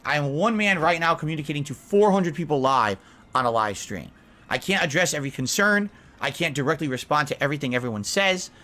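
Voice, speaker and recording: A man's voice: on the high side, pushed and bright. A man streaming live, giving an earnest, lecturing monologue to his chat to justify himself.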